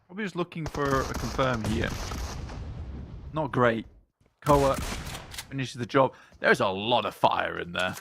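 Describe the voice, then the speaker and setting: A man giving color commentary on an esports match, with slow, joking analysis. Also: medium pitch, expressive, gravelly, a bit bright. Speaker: esports co-caster. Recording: faint game noise behind.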